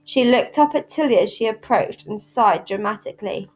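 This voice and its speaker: A woman reads a children's novel aloud. Her storytelling is clear and steady, and her voice sits a little high. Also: normal speed. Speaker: reader at a school.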